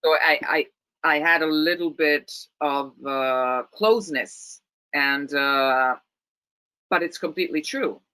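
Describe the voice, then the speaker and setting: A woman's voice: low-pitched, slow pace, pushed and bright, clear, resonant tone, low-quality recording. A middle-aged woman from Italy with an Italian accent, a guest actress talking thoughtfully and often restarting her sentences. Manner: thoughtful, many restarts and repeated words. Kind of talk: casual interview chat.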